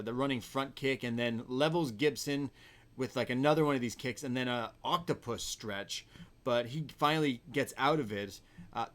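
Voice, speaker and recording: A podcast co-host with a medium-pitched, slightly bright voice casually recaps a wrestling show move by move, laughing often.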